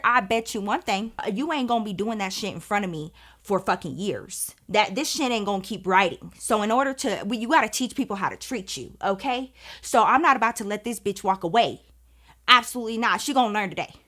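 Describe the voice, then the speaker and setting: A woman vlogger telling a dramatic personal story in casual, profane, animated speech. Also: medium pitch. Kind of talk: storytime vlog, casual chat.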